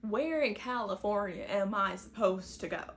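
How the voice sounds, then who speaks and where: A woman's voice: medium pitch, normal speed, heavy background noise. A young woman chatting casually to camera, telling a personal faith story and acting out her own past thoughts. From New England, US. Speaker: vlogger sharing a faith testimony.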